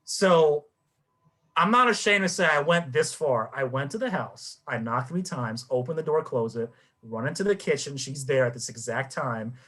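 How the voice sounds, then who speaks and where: A man's voice: medium pitch, moderate pace. A young man in casual podcast chat, telling a story with energy and acting out the quotes. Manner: animated storyteller, acts out quotes. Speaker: podcast co-host.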